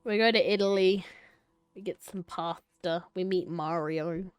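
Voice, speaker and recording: A woman's voice: fairly low pitch, fairly even intonation, unhurried, smooth, dry recording. A young adult woman live-streaming a choice game, reading it aloud and chatting playfully with viewers, laughing and swearing casually.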